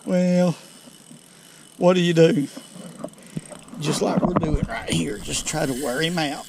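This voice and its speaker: A man with a Southern US accent hosting a fishing vlog from a lake bank, folksy and excitable as he talks straight to viewers. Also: fairly high pitch, unhurried, creaky. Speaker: fishing channel host. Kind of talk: outdoor fishing vlog commentary. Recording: outdoor noise behind voice.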